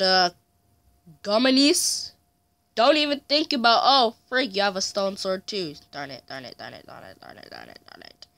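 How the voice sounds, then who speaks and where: A man narrating his gameplay in a bright, forceful voice. He chats along, mutters and swears mildly when things go wrong, and taunts opponents with yelled challenges. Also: sits high, clean tone. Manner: mutters frustration, mild swearing. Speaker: gamer. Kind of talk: let's play commentary.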